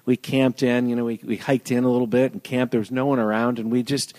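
A man in his thirties hosting a casual chat, teasing his guest and telling animated stories. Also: medium pitch, fast. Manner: teasing, animated storytelling, acts out voices.

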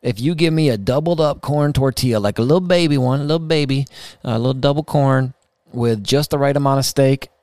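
A man's voice: medium pitch, brisk, darkish tone, dry recording, clean studio sound. A man co-hosting a podcast, chatting casually in a rambling, jokey way. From United States. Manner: laid-back, rambling, jokey. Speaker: podcast co-host. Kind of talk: casual chat.

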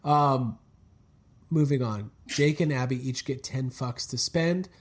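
A man hosting a podcast in casual, animated banter, joking and swearing freely. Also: medium pitch, slow. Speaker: podcast host.

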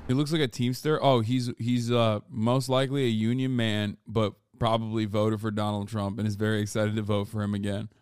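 Brief: rambling, cursing male streamer, smooth, dry close mic. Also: on the low side, a little fast, few pauses, no room sound. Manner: profane, excitable, rambling. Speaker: streamer reacting to a documentary. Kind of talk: casual reaction commentary.

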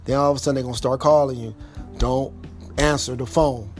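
Over soft background music, a man with a medium-pitched, steady voice talks fairly quickly as he hands out casual relationship advice. He addresses the listener directly, informally, with double negatives and emphatic repetition.

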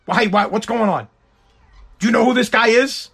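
A man from the United States delivers an exasperated, profanity-heavy rant straight to camera. His voice sits high for a man, and he repeats words as he pushes his point. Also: normal speed, creaky, long pauses, a bit bright, slightly rough. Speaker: vlogger. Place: Boston.

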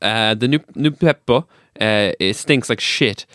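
A man's voice: on the low side, a little slow, fairly bright tone, dry recording, studio quality. A man co-hosting a podcast in casual comedic chat, rambling crudely with lots of fillers. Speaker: podcast co-host.

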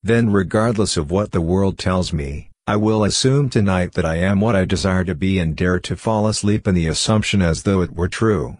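Deep-voiced man giving a spiritual lecture. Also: normal speed, few pauses, darkish tone, no room sound, clean studio sound. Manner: emphatic, with repeated rhetorical questions.

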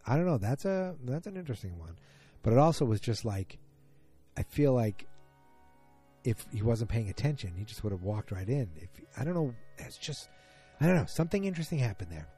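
A man's voice: medium pitch, big pitch swings, fairly quick, dark tone, husky, faint music behind. A man casually recapping a TV episode, musing aloud and trailing off with ums and restarts, speaking straight to his listeners.

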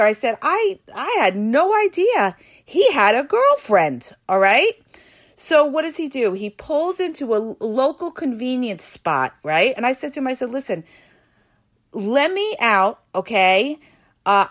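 A woman podcast host telling a dramatic personal story to her listeners, often checking in with them as she talks. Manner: animated, addresses listeners with "you guys" and "all right?"; dramatic retelling, gets loud and high at tense moments.

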